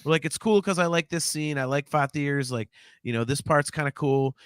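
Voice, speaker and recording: A man's voice: fairly high pitch, brisk, smooth, no echo. A man co-hosting a live podcast in a casual chat, ranting animatedly with plenty of profanity. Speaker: podcast co-host.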